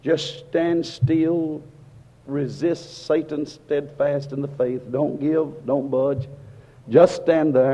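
A male preacher delivering an impassioned, repetitive sermon that swings between hushed and loud. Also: fairly high pitch. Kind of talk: fervent sermon. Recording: lo-fi recording in a reverberant hall.

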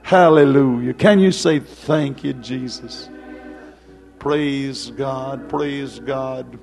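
A male preacher delivering a fervent revival sermon, swinging from loud cries to hushed prayer. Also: mid-range voice, slow, gravelly, faint music behind.

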